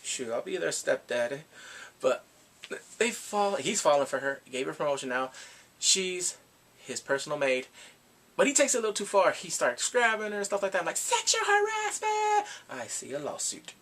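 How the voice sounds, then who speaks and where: A man giving a rambling, excitable casual recap of a TV drama, reacting with gasps and quoted asides. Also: fairly high pitch, a little fast. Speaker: drama reviewer.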